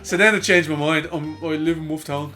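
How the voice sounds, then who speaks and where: High, bright-voiced Irish man telling a story. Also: fairly quick, faint music behind. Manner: sweary, laughing, animated storyteller. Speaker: podcast co-host. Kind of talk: casual chat, storytelling.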